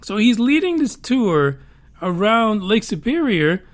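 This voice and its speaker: A man's voice: high-pitched, big pitch swings, a little slow. A man hosting a solo podcast, talking casually with wry asides and lots of fillers. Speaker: podcast host.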